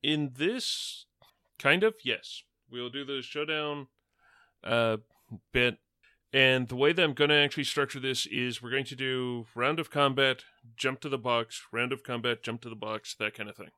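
A man narrating a tabletop game as game master, describing the scene in a measured way with frequent fillers. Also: mid-range voice, sharp tone, smooth, dry recording, studio quality.

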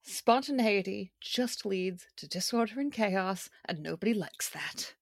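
A woman's voice: medium pitch, lively intonation, measured pace, creaky, dry recording, clean studio sound. A woman playing in a tabletop game, chatting and laughing while she describes her character's moves. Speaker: player. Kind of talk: casual tabletop play.

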